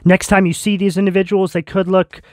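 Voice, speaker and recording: Male tarot reader, earnest and reassuring spiritual delivery, higher-pitched voice. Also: level tone, brisk, no room sound, studio quality. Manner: earnest, reassuring direct address with spiritual terms. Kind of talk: tarot reading addressed to viewers.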